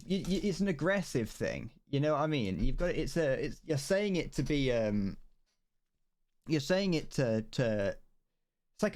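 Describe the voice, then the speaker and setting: A man's voice: fairly high pitch, darkish tone. A British man chatting on a casual livestream while he builds a model kit, rambling with frequent stammered restarts and laughter. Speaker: streamer.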